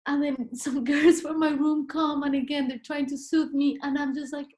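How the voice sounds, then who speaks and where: A woman's voice: high-pitched, moderate pace. A woman, a podcast guest, telling a personal story in casual conversation and acting out what she said back then. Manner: animated, acts out her own past words.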